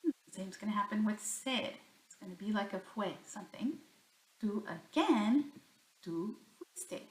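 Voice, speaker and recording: Teaching Spanish grammar in a slightly slow, mid-range voice with lively intonation, a woman walks herself through each example. She asks questions and then answers them herself, and the room around her echoes.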